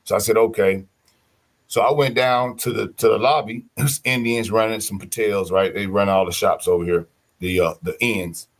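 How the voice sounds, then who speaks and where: A man telling stories in casual podcast chat, animated, slangy and profane. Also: on the low side, normal speed.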